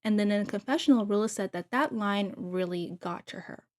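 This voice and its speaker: A woman talking straight to her viewers in a loose, gossipy recap. Her voice sits at an ordinary middle pitch. She chats freely and breaks off into gushing asides to her audience. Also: fairly quick, a little mellow. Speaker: TV recap host.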